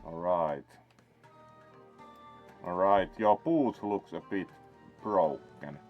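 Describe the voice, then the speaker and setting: A man's voice: low voice, drawn-out words. Wry man joking through a game. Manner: wry, playful. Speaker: gaming host. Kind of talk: casual let's play commentary. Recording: dull lo-fi sound. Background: faint game music.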